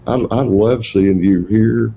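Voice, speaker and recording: A man's voice: lowish voice, takes it slowly, creaky, warm tone, a little hiss or hum, rough recording. An older man with a Texan accent, a guest telling folksy, rambling stories in a casual interview. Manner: folksy, rambling storyteller with chuckles. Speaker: guest Santa performer.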